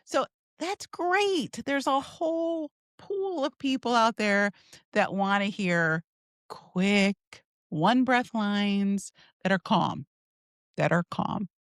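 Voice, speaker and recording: A woman sales coach teaching in an upbeat, expressive way and acting out example lines. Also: medium pitch, slow pace, no echo, studio quality. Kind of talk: teaching monologue.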